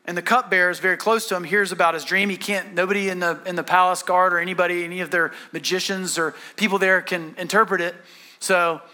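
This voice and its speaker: A man with a high-pitched, ringing voice preaches a sermon. He tells the story in an animated way, slipping into the voices of the characters as he goes. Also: fast talker. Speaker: pastor.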